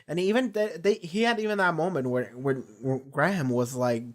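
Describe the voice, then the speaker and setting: A man's voice: on the high side, lively intonation, normal speed, hardly any pauses. A man hosting a reaction channel, talking through a TV episode in a loose, rambling way with many restarts, casual swearing and paraphrased character lines.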